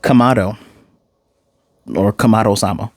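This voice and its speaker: A man giving a casual, animated recap and reaction to an anime episode, acting out the characters' lines in quick asides. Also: fairly low pitch, dry recording, clean studio sound. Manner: loose and chatty, with fillers and self-corrections. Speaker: anime reviewer.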